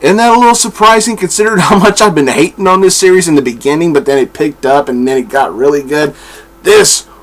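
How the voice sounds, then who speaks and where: A man's voice: on the high side, fast, fairly bright tone. A man chatting his way through comic book reviews at home, rambling with frequent fillers and restarts. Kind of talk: casual review vlog. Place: room at home with his dog.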